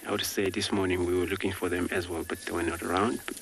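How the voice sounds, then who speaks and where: Deep-voiced safari guide, relaxed. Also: male voice, fast, gravelly, background noise. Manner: relaxed, many filler words. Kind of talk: live wildlife commentary. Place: outdoors on a safari drive.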